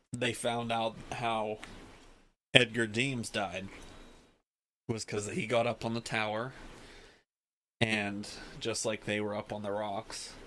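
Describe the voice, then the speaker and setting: A man hosting a casual podcast, rambling along as he recaps with plenty of fillers. His voice sits on the low side. A faint noise runs underneath. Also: bright, forceful tone, poor audio. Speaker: podcast host. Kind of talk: casual chat.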